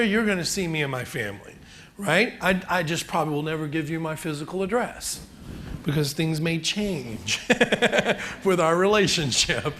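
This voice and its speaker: A man's voice: high voice, a bit bright. A middle-aged man giving a chatty, joking real estate seminar, asking the audience questions. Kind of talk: live seminar talk to an audience.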